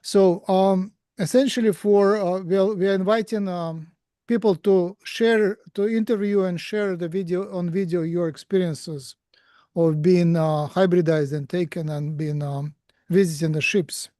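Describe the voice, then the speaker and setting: High-voiced man hosting a webinar. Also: fairly even intonation, warm tone, dry recording. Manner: halting, with many uhs. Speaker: host. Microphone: video call.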